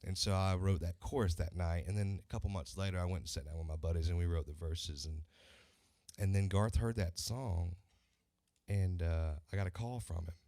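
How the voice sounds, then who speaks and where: Deep-voiced man telling stories. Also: moderate pace, no echo. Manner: animated storyteller acting out quoted voices. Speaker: country singer guest. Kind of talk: casual interview storytelling.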